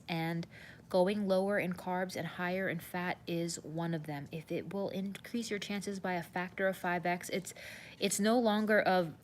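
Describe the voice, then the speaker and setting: Earnest woman nutrition coach, lowish voice. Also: a little hiss or hum. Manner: earnest, animated, says "you guys" often. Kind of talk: live stream talk to viewers.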